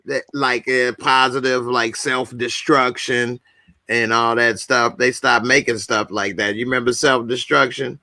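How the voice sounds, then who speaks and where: A man's voice: fairly even intonation, unhurried, vocal fry, bright, forceful tone, dry recording. A man hosting a live talk show, chatting loosely and joking. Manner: loose and joking, breaks into high falsetto singing. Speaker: show host. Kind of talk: casual chat on a live show.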